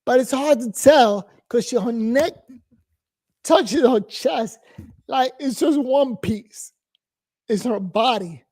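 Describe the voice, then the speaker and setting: A man's voice: very high-pitched, slow, pauses often, darkish tone. A man in his forties from New York, giving a blunt, profane, rambling casual monologue as host.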